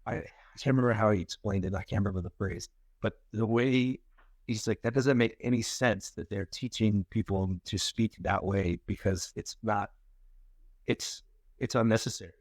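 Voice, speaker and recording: Low-voiced man in casual podcast chat. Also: moderate pace, dry recording. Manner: rambling, restarts often, laughs easily. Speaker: podcast co-host.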